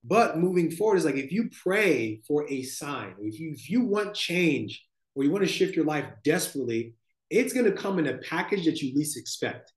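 A man's voice: a little high, sing-song. Reflective man speaking in a roomy space. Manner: slow, thoughtful, spiritual tone with frequent "like" and "right?". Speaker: podcast guest. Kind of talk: reflective conversational storytelling.

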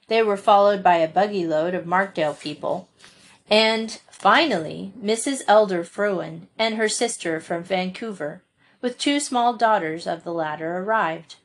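Woman reading a classic novel aloud. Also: medium pitch. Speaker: audiobook narrator. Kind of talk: audiobook reading.

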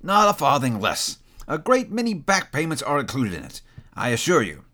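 A man's voice: mid-range voice, huge pitch swings, normal speed, bright, forceful tone, heavily acted. A man reading aloud and voicing an elderly reformed miser who is now jolly and effusive. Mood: warm. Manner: jolly, effusive, growls in mock sternness. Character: old male miser, newly joyful and generous.

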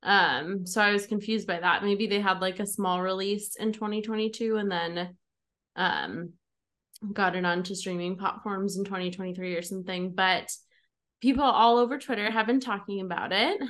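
A young woman hosts a podcast, chatting casually with friends in a mid-range, fairly bright voice at normal speed. She's giggly and talkative, laughs often and says "like" a lot.

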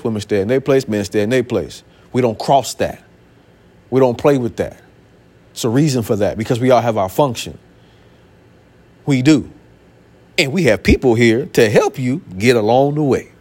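Fiery, animated male preacher. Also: mid-range voice. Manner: emphatic, repeats phrases, fires off rhetorical questions; colloquial, folksy preaching. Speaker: pastor. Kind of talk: sermon.

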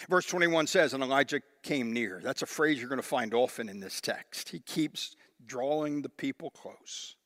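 A male pastor preaching a sermon, emphatic and animated as he reads scripture aloud with dramatic emphasis. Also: mid-range voice, moderate pace, few pauses, no room sound, studio quality.

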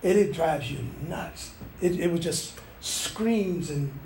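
A man's voice: on the high side, slow, darkish tone, reverberant, distant mic, a little hiss or hum, poor audio. A man delivering a sermon as a preacher, with fervent, repetitive exhortation.

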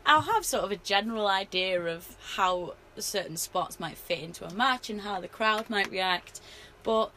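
A woman wrestler telling stories in a casual interview, animated and full of fillers. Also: mid-range voice, normal speed, few pauses, slight background noise. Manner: animated storyteller, many fillers.

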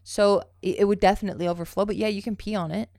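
A woman's voice: medium pitch, steady tone, racing, vocal fry, dark tone, no room sound. Profane, chatty young woman, dry sound. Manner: loose, profane storytelling with many fillers. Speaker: podcast co-host. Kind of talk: casual chat.

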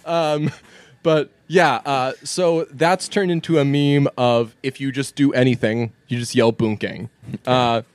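A man's voice: mid-range voice, steady tone, measured pace, smooth, no room sound. A man co-hosting a podcast, telling stories in a rambling, profane way in casual chat.

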